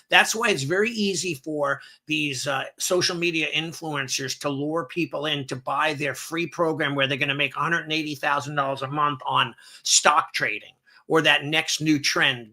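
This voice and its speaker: A middle-aged man speaks in a bright, slightly raised voice, chatting casually on a podcast. He tells stories with animation, acting out the people in them. His delivery stays easygoing and conversational. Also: a little high. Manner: animated storyteller who acts out quoted voices. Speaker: martial arts instructor, podcast guest. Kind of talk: casual storytelling. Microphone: seen on video, holds up books to camera.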